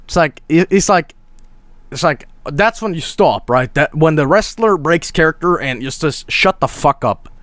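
A male streamer giving excitable live stream commentary, swearing freely and laughing often. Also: on the high side, moderate pace, no echo.

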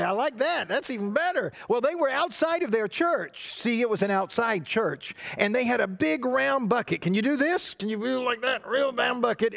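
A man's voice: very high voice, gravelly, fairly bright tone, dry recording. A male pastor telling a playful children's story in church, asking the kids to join in. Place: church sanctuary.

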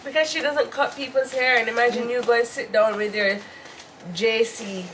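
A woman's voice: on the high side, fairly even intonation, normal speed, a bit bright, a little hiss or hum, low-quality recording. A woman co-hosting a home vlog with her sister, making dry, teasing remarks. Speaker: co-host, sister. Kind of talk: casual chat.

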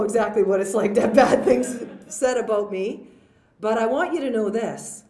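A woman's voice: on the high side, normal speed, mellow. A woman politician giving informal closing remarks at a conference, telling a story with fillers and restarts. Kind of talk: conversational speech to a conference. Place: large conference hall. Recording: echoey conference hall.

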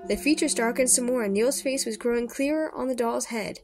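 A woman's voice: on the high side, a little fast, a little mellow, faint music behind. A woman reading a children's horror story aloud expressively, with small slips and rereads. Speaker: storybook reader.

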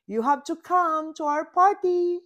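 A woman reading aloud and voicing a kind, gentle male unicorn who speaks sweetly and coaxingly. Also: extremely high pitch, drawn-out words, muffled recording, pitched above the performer's own voice, heavily acted. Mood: doting.

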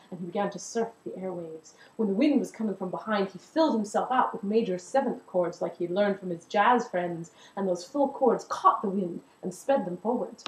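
A woman's voice: mid-range voice, a little mellow. A woman telling a story in a performance, narrating expressively and animatedly. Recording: roomy echo.

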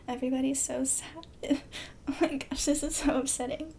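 A woman's voice: sits high, steady tone, moderate pace, creaky, dark tone, a little hiss or hum. Emotional young woman reacting aloud. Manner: emotional, gushing, reacting aloud, often dropping to whispers. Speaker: reaction video host. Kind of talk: live anime reaction.

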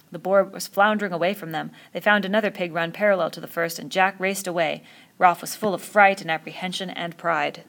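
A woman reading a novel aloud in a steady storytelling voice. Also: lowish voice, fast talker, vocal fry. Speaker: reader.

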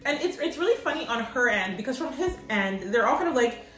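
A woman's voice: a little high, expressive, fairly quick, a bit bright, roomy sound, faint music behind, poor audio. A woman co-hosting a podcast in casual chat, gushing and laughing often. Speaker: podcast co-host.

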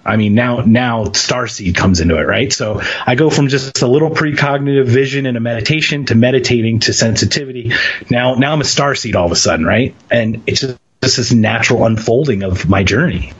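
A man from Philadelphia, an interview guest, telling a personal story in a lively way and acting out the quoted voices. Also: mid-range voice, brisk, dull audio, a crowd in the background. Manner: animated storyteller, acts out quotes.

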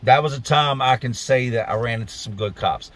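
A man's voice: mid-range voice, fairly quick, a bit bright. A man from Virginia telling a personal story on his vlog in a blunt, emphatic, profane way.

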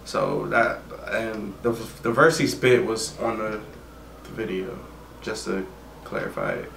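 Laid-back man with a slow drawl. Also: on the low side, fairly even intonation, gravelly, a bit bright, a little hiss or hum. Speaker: reaction video host. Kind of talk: casual reaction commentary. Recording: echoey room, distant mic. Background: faint music from the played video.

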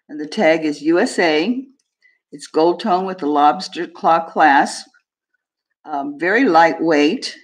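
A woman hosting a live jewelry sale stream, describing pieces in a chatty, unhurried way and talking to viewers. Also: deep voice. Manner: chatty, describes items slowly, friendly asides to viewers. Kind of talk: casual live-stream selling.

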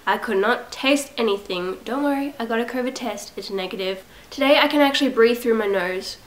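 A woman's voice: fairly high pitch, brisk, poor audio. A young woman with a cold, sounding congested, chatting casually to her camera at home in a rambling, self-mocking way. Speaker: vlogger. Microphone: camera set up at home.

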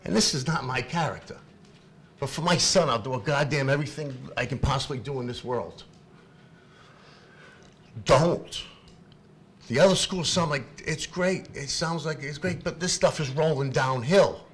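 A middle-aged man, speaking up as a parent at a public meeting, halting and repeating himself, then rising to shouting. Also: medium pitch, husky. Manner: impassioned, halting, repeats words, swings from quiet to shouting. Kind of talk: emotional unscripted public comment.

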